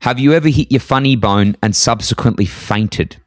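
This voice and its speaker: A man, telling a lively story in casual podcast chat, his voice leaping up high for emphasis. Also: moderate pace, no room sound, studio quality. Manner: animated, jumps high in pitch for emphasis. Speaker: podcast co-host. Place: apartment in Scotland.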